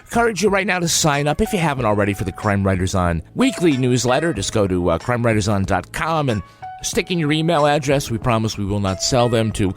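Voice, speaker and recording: A man co-hosting a podcast in casual banter, telling dry jokes and lively little stories. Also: mid-range voice, brisk, soft background music. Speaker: podcast co-host.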